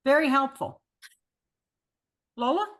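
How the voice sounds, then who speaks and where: A woman's voice: sits high, expressive, slow, fairly bright tone. A woman moderating a fan panel on a video call, calling on speakers and adding wry opinions of her own. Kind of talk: casual video-call chat.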